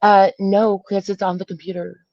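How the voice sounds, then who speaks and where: A man's voice: high-pitched, level tone, moderate pace, darkish tone, dry recording, muffled recording. A man calling into a stream, chatting casually, rambling and hunting for words. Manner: rambling, hesitant, searching for words. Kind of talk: casual chat.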